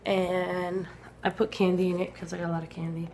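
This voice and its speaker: A woman vlogging at home, chatting excitedly about her presents and sometimes dropping to a whisper. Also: fairly low pitch, a little fast, a little hiss or hum. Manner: gushing, chatty, drops to soft whispers. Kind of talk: casual vlog chat. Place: home, indoors.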